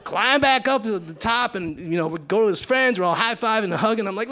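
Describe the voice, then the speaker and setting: A man's voice: high voice, lively intonation, a little fast, pushed and bright. A man telling a personal story live in a casual, profane way, acting out the voices of the people in it. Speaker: storyteller at a live reading series.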